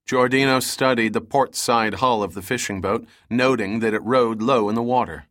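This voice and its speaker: A man giving steady, even scripted audiobook narration of an adventure novel. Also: mid-range voice, normal speed, few pauses, no echo, studio quality.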